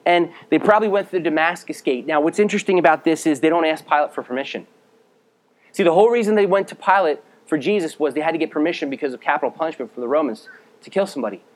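A man preaching a sermon as a pastor, reading scripture aloud and explaining it, speaking directly to his listeners and dropping to a low, quiet voice for emphasis. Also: fast talker. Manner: earnest, direct address to listeners.

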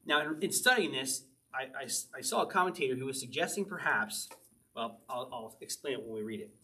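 A man preaching a conversational sermon, teaching verse by verse, slowing down to read scripture aloud and chuckling now and then. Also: medium pitch, animated, bright, forceful tone, recorded from a distance. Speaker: pastor.

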